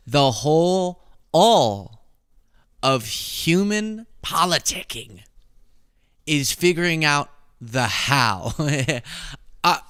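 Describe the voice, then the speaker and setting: A man's voice: a little high, animated, extremely slow, pauses often, a bit bright, clean tone, dry recording, clean studio sound. A man hosting a political commentary show, talking casually in a sarcastic, mocking way and laughing at his own jokes.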